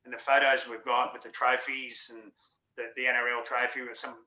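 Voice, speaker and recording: Bright, earthy Australian man in an echoey room. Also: medium pitch, flat delivery, fairly quick. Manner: rambling, earthy, swears freely. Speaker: interview guest, former rugby league player. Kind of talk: candid storytelling. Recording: dull lo-fi sound in an echoey room.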